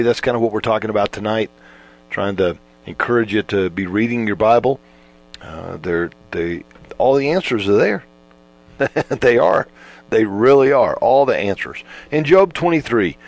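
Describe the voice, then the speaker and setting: A man's voice: mid-range voice, low-quality recording. A man giving an informal Bible teaching, folksy and repetitive, restarting phrases and driving points home. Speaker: preacher.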